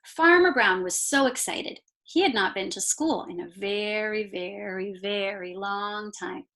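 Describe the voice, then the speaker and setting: A woman teacher reading a picture book aloud to her class, slow and expressive, stopping to point out the pictures. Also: medium pitch. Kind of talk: read-aloud storytime.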